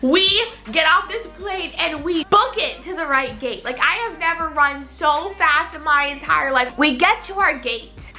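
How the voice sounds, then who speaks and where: Bubbly high-pitched young woman vlogger. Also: measured pace, sharp tone. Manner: chatty, dramatic storytelling with many "like"s. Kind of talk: story time vlog.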